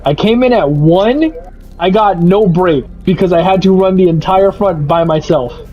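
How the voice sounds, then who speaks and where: Young male streamer, high-pitched, profane storyteller; lo-fi mic with soft music bed. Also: normal speed. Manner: profane, animated storytelling with quoted voices. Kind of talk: casual rant over gameplay. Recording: slightly muffled, faint music.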